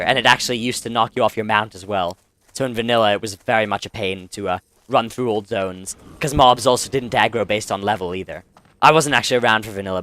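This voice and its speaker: A man's voice: fairly low pitch, a bit bright. A man, the host, giving chatty, rambling commentary over his gameplay and correcting himself often. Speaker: let's play host.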